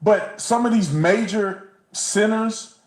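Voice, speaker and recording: A man's voice: sits high, slow, roomy sound, low-quality recording. A man co-hosting a casual commentary livestream, talking bluntly and animatedly, often stumbling and repeating words. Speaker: co-host.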